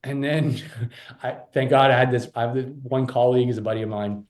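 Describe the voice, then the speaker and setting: A man talking as a podcast guest, animated and rambling with frequent restarts. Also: mid-range voice, brisk. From Canada. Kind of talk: casual interview chat.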